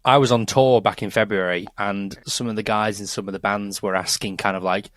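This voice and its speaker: A man's voice: lowish voice, a little fast, a bit bright, no echo, studio quality. Chatty northern English man. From northern England. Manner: chatty, jokey. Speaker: co-host. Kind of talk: casual podcast chat.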